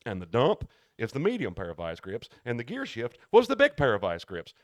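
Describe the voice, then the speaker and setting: A man co-hosting a podcast, telling work stories in a casual, animated way and acting out the people he quotes. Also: medium pitch, a little fast, no echo. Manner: animated storyteller who acts out quoted people. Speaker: podcast co-host. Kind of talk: casual storytelling chat.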